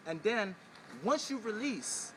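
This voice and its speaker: A man's voice: high voice, animated, slow, sharp tone, a little hiss or hum. A man teaching a breathing and pelvic floor exercise in a casual video, repeating his instructions and speaking straight to the viewer. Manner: repetitive, coaching, direct to viewer. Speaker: spiritual wellness teacher.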